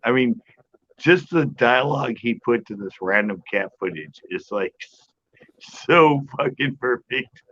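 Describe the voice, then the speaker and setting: A chatty man with a bright, forward voice tells stories with plenty of laughs and loose swearing. The sound is a bit dull and lo-fi, with a faint hiss behind him. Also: medium pitch, measured pace. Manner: chatty, laughs often, animated storyteller, swears. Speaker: channel host. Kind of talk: casual chat.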